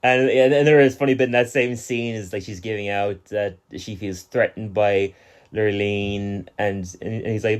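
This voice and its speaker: A young man with an Irish accent chats casually as a podcast co-host. He is animated and laughs often, and he acts out scenes in lively voices as he talks. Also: fairly low pitch, moderate pace, clear, resonant tone.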